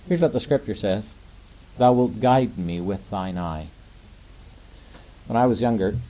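A middle-aged man preaching a sermon in a gentle, conversational way, often asking his listeners rhetorical questions. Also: on the low side, poor audio.

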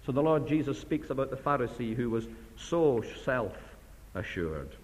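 A man's voice: medium pitch, expressive, measured pace. Impassioned preacher man in a reverberant hall. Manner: impassioned, swings from loud emphasis to hushed. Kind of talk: sermon. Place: church assembly hall.

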